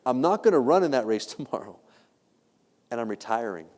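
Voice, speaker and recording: Man putting on a reflective greyhound, mellow warm tone, quiet and earnest, storytelling. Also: mid-range voice, very animated, a little fast, long reverb tail, lightly acted. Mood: calm, earnest. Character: calm male racing greyhound, reflective and gentle.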